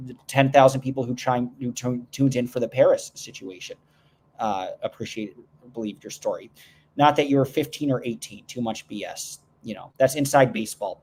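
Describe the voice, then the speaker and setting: A man's voice: mid-range voice, husky. Rambling man hosting a livestream. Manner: rambling, many restarts, jokey asides. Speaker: livestream host. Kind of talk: casual livestream chat answering viewer comments. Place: indoors at home.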